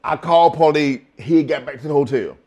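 A man's voice: on the high side, fairly quick, darkish tone. An older retired wrestler telling blunt, profane stories in an interview and acting out the lines of the people he quotes.

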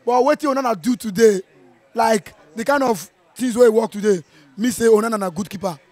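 A Nigerian man with a strained voice from shouting, reacting to a football match in an animated, playful way, slipping into Pidgin. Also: very high voice, brisk, no room sound. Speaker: football fan. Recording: outdoor viewing center.

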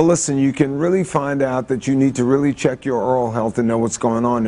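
Upbeat middle-aged man in a TV interview. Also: mid-range voice. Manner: relaxed, upbeat talk with fillers. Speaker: celebrity guest. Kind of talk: morning TV interview.

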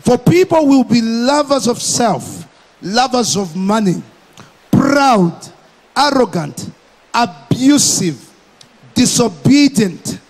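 Slow, high-voiced preacher in echoing hall. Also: male voice. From Malawi. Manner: emphatic, repeats phrases, slow deliberate preaching. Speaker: pastor. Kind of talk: sermon.

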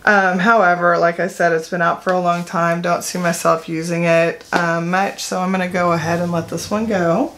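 A woman's voice: on the low side, level tone, normal speed, few pauses, a bit bright. A middle-aged woman talks through her makeup collection in a loose, rambling way. She fills the gaps with "um" and corrects herself as she goes. There is a faint hiss behind her voice. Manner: chatty, rambling, with fillers and self-corrections. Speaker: beauty vlogger. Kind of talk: casual product talk to camera.

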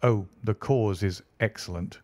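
A man voicing a brisk, confident male schemer who speaks in a clipped, matter-of-fact way. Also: on the low side, warm tone, dry recording, close to an everyday voice.

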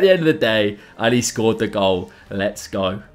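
A young man talks through his own matches, his pitch leaping up whenever a chance opens. His delivery is casual and lively, like gameplay commentary. Faint music plays quietly underneath. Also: measured pace. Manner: excitable, jumps in pitch at big chances. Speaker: gaming YouTuber.

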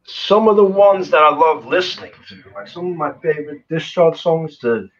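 A man's voice: a little high, expressive, normal speed, muffled recording. A man who sings in a punk band, telling road stories as an interview guest, swearing constantly and full of fillers. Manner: profane, rambling storyteller with frequent fillers. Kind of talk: casual storytelling interview. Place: remote live stream call.

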